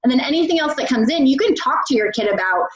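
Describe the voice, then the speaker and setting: A woman's voice: high voice, expressive, fast. A woman dietitian coaching parents on a live call, chatty, with many "like"s and restarts. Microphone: video call. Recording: roomy, muffled call audio.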